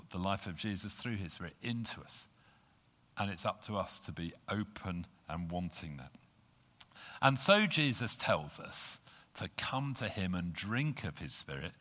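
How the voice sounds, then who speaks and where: A man's voice: deep voice, pushed and bright. A man preaching an earnest sermon to a congregation, reading scripture aloud. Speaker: pastor. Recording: long hall reverb.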